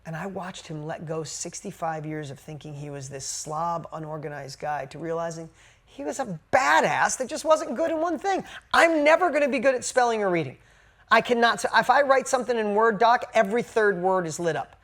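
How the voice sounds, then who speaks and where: Emphatic man telling a motivational story. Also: fairly quick. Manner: emphatic storytelling, casual and blunt; swings from hushed to loud and high when excited. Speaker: motivational speaker. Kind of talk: motivational talk to a group.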